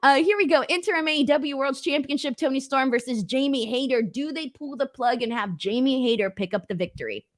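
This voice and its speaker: A woman's voice: high voice, brisk, hardly any pauses. Playful woman hosting a chat. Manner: playful, laughs often, reads viewer comments. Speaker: host. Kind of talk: casual podcast chat.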